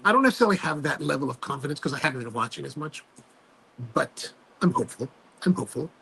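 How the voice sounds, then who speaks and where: Gravelly-voiced man telling a story. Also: a little high, fast talker, slight background noise. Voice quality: gravelly, husky voice. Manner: animated storytelling with many fillers and restarts. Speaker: host. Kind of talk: casual chat on a livestream.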